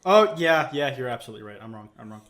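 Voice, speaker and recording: A man's voice: medium pitch, expressive, fast talker, fairly bright tone. A man co-hosting a podcast, talking sarcastically with lots of swearing and jokes. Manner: sarcastic, jokey, swears a lot. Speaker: podcast co-host. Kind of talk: casual chat.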